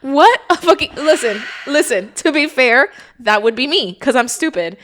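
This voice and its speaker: A woman's voice: high voice, animated, normal speed, a bit bright, a little hiss or hum. A woman co-hosting a casual book chat, acting out quotes and swearing freely, with Spanish phrases mixed in. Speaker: podcast co-host.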